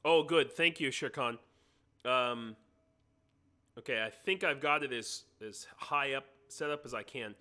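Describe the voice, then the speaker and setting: A man's voice: medium pitch, unhurried, sharp tone. An American man hosting a live stream, chatting casually and joking while he adjusts his sound setup. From United States. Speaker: livestream host. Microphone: computer mic on a live stream.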